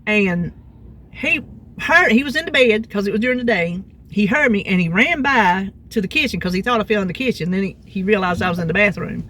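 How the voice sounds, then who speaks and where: A woman's voice: medium pitch, fairly quick, slight background noise. A middle-aged woman, telling a rambling story in a casual vlog. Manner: chatty, rambling, animated retelling. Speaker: vlogger. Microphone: phone.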